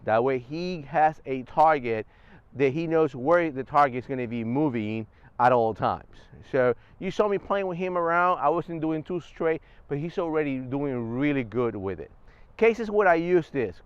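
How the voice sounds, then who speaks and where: A man talks through training steps at an easy, explanatory pace in a casual vlog. His voice is smooth and resonant, a little higher than most men's. It sits close on a clip-on mic with a dry sound. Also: no echo, highs cut off. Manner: relaxed step-by-step explaining. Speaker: service dog trainer. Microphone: wireless clip-on mic.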